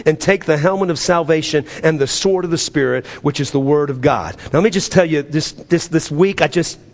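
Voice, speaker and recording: A man's voice: fairly high pitch, brisk, in a large hall. Preaching man, conversational and earnest. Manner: conversational preaching, repeats and restarts phrases, drops to quiet emphasis. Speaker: pastor. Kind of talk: sermon.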